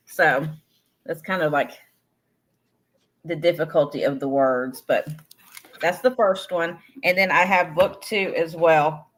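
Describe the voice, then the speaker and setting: A woman's voice: sits low, slow, pauses often. A woman co-hosting a live online sale, chatting casually about books with fillers.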